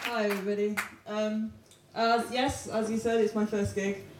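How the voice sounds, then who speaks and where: A woman's voice: mid-range voice, flat delivery, normal speed, very noisy. A young woman doing a stand-up comedy set at a pub comedy night, self-deprecating and laughing at her own jokes. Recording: loud roomy pub recording from far off.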